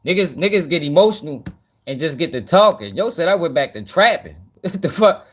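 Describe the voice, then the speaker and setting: A man's voice: fairly high pitch, sing-song, fairly quick. A man hosting a gossip news channel, commenting on clips in a laid-back, slangy, amused way.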